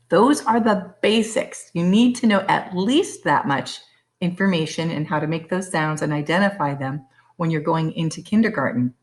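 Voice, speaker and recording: A woman teacher giving a phonics lesson for young children, slowly and carefully sounding out letters. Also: lowish voice.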